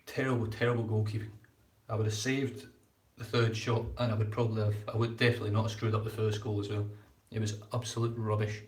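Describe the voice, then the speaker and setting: A man's voice: fairly low pitch, flat delivery, fast, hardly any pauses, recorded from a distance. A man hosting a casual live-stream shaving chat, rambling and repeating his words as he talks. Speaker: shaving channel host. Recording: echoey room.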